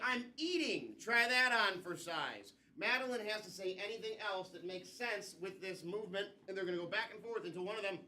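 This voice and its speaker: High-voiced man hosting a live improv show. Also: slight background noise. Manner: playful, laughing often, loud announcements. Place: comedy theater with live audience. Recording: distant mic, loud audience.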